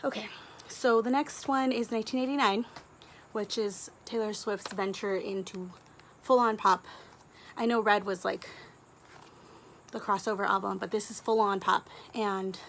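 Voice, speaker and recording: A woman, a book vlogger talking casually to camera, gushing and chatty with quick asides and giggles. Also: mid-range voice, steady tone, a bit bright, a little hiss or hum.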